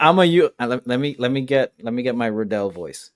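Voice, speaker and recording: A man co-hosting a casual podcast, announcing the matchups of an anime bracket in a measured way. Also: mid-range voice, expressive, dry recording, clean studio sound. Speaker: podcast co-host running the bracket.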